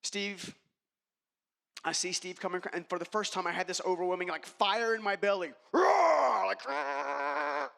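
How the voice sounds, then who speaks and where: A man with a notably high voice delivers a motivational keynote, telling his own story with emphasis and calling out to the audience. His words ring through a large hall with a long, trailing reverb. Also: steady tone, quick pace, hardly any pauses, a bit bright. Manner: emphatic, addresses the audience directly. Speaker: keynote speaker.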